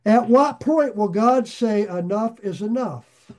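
A man preaching a sermon in an earnest, conversational way, with sarcastic asides and sudden swings between loud emphasis and quiet drops. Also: sits high, animated, takes it slowly. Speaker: pastor.

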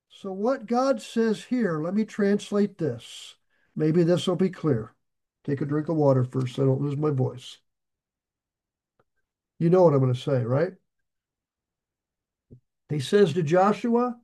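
A man's voice: high-pitched, lively intonation, slow, pauses often, mellow. A middle-aged man preaching, reading scripture aloud and paraphrasing it in plain everyday words. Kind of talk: Bible teaching sermon.

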